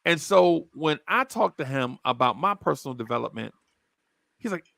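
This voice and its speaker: A man's voice: a little high, moderate pace, vocal fry, no room sound. A man hosting a casual sports podcast, telling stories and acting out the people in them. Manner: animated storyteller, acts out quotes. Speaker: podcast host.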